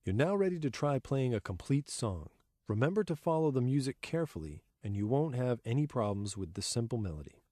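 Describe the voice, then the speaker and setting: A man reading a scripted keyboard lesson in a measured, clear way, counting beats and rhythm words aloud in time. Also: medium pitch, very animated, warm tone, no room sound, studio quality. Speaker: keyboard instructor. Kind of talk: scripted instructional narration.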